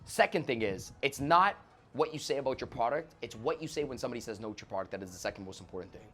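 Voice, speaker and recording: A man's voice: mid-range voice, lively intonation, quick pace, sharp tone. A man talking as a guest sales trainer in an interview, brash and profane, acting out sales calls as he explains. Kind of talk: animated podcast interview.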